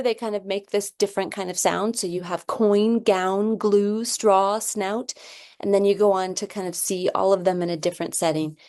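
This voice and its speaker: A woman's voice: mid-range voice, a little mellow. Patient woman teaching phonics, sounding out words. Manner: patient, sounds words out slowly, frequent "okay?" checks. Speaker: reading teacher. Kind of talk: explaining a phonics assessment.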